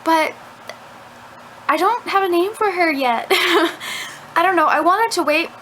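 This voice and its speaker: An extremely high-pitched, sharp voice belongs to a young woman vlogging at home, taking her time as she rambles through a chatty story thick with "like". The camera mic yields a low-quality recording with slight background noise.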